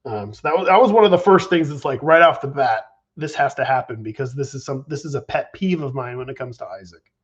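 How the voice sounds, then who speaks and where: A man's voice: medium pitch, expressive, quick pace, slightly rough, lo-fi sound. A man being interviewed as a game designer in a casual live chat, rambling with restarts and casual swearing over a video call.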